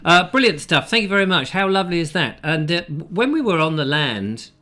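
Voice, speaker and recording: A man's voice: a little high, sing-song, fairly quick, sharp tone. A man hosting a comic live chat show from a room in a house, telling stories in a rambling, jokey way with many fillers. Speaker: show host.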